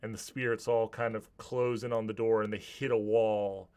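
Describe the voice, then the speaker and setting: A man's voice: lowish voice, little pitch movement, normal speed, a little mellow, smooth. A man narrating a tabletop game as game master, describing scenes vividly with some restarts.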